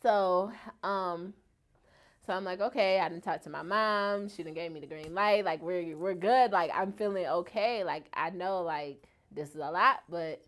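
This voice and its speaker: A woman guest in an interview, telling a personal story and acting out other people's words in a much higher voice. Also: a little slow. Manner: animated, acts out quoted voices much higher.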